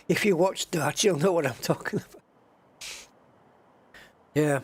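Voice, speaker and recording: A man's voice: fairly high pitch, measured pace, long pauses, breathy edge. A man chatting casually with viewers while he plays a game at his desk, thinking aloud and humming to himself as he waits. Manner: chatty, addresses viewers as guys. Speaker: streamer playing a space game. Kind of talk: casual live-stream chat. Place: home desk with joystick.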